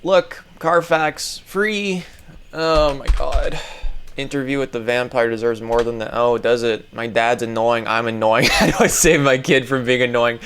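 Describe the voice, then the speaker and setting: A man's voice: medium pitch, fairly even intonation, a little slow, a bit bright, slight background noise. Rambling, swearing man reading aloud. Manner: rambling, swears a lot, stumbles over words. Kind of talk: casual reading aloud with commentary.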